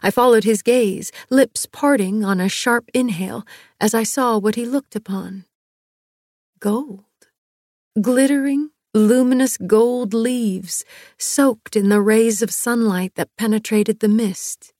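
Expressive female audiobook narrator, dry sound. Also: medium pitch, dry recording. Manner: measured, expressive storytelling.

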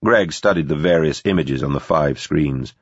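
A male narrator reads an audiobook in a steady, measured way. His voice is very deep and husky. The recording sounds dull and dry. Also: no echo. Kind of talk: scripted narration.

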